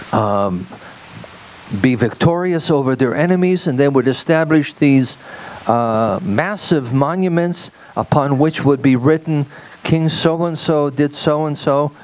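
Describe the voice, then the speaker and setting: A man preaching as a rabbi, slow and deliberate, lifting his voice when he acts out quoted speech. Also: mid-range voice, lively intonation, a little mellow, poor audio. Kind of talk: sermon.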